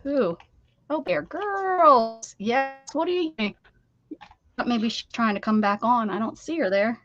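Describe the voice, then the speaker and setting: A woman's voice: fairly high pitch, lively intonation, moderate pace, lo-fi sound. An American woman hosting a craft livestream, chatting casually and teasing while she works, with frequent laughs.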